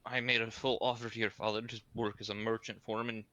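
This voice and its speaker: A man's voice: fairly low pitch, flat delivery, quick pace, pushed and bright, lo-fi sound. Wry man playing at a game table. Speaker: player. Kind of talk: casual chat at a game table.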